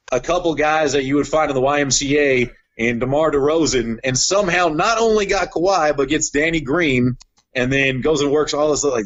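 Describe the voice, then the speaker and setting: A young adult man chatting casually on a podcast, telling stories with lots of "like". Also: mid-range voice. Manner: animated storyteller, heavy use of "like". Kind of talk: casual chat. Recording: dull lo-fi sound.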